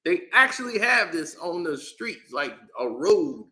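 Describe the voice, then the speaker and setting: Bright-voiced man ranting animatedly. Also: a little high, measured pace. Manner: animated, exasperated ranting with laughs and slang. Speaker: commentary channel host. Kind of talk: casual opinion rant.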